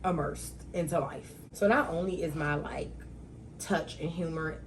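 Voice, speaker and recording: Lively young woman hosting a solo talk show. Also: sits low, unhurried, slight background noise, rough recording. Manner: animated storytelling with loud outbursts and slang.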